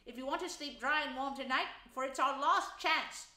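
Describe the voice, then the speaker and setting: A storybook water rat, eager and impatient, who scolds and orders his companion about, voiced by a woman reading aloud. He sits a touch higher than an everyday speaking voice. The reading rings with a roomy echo. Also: animated, normal speed, pushed and bright. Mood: exasperated.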